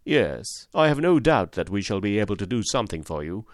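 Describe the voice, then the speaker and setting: A man voicing a panicky male company manager who strains to stay polite, his voice climbing higher as he pleads. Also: very animated, a little fast, no echo, studio quality. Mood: strained. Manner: strained, pleading, voice rising high.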